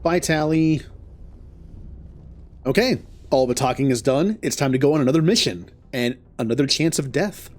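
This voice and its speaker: A male streamer talking casually over his gameplay. He rambles and laughs between thoughts. His pitch is mid-range. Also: lively intonation, moderate pace, long pauses. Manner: chatty, laughing, rambling asides.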